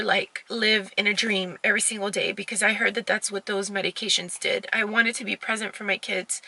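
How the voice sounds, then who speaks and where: A woman's voice: fairly high pitch, bright, forceful tone, dry recording. A woman vlogging from home, speaking openly and confessionally in a conversational way with lots of fillers. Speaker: fitness vlogger. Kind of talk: candid personal vlog.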